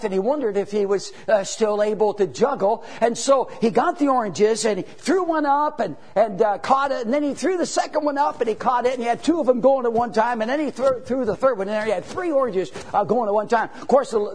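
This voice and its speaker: A male preacher in a sermon with a husky, fairly high voice. He tells a story with many fillers and hesitant restarts. He builds to loud, urgent peaks.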